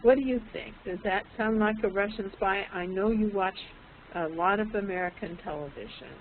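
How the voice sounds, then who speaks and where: A woman's voice: medium pitch, normal speed, a little hiss or hum. A woman teaching an online English class, explaining patiently and putting questions to her students. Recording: tinny lo-fi online call audio.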